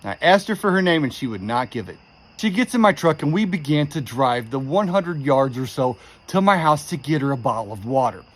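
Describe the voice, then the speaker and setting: A man telling a creepy true story in a casual, animated way, quoting the people in it with exasperation. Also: mid-range voice, fairly quick. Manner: animated, exasperated retelling with quoted dialogue.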